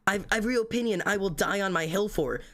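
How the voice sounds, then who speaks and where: A man's voice: high voice, fast, fairly bright tone. Man, livestreamer, casual rant, heavy swearing, rambling, self-critical. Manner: self-critical, venting to chat. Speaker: livestreamer reading chat.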